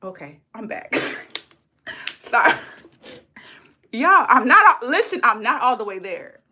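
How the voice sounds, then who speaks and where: A woman's voice: fairly high pitch, very animated, slow pace, pushed and bright. A woman on a livestream talking straight to her chat. She is blunt, heated and profane, and she repeats her lines for emphasis. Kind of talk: unscripted livestream rant.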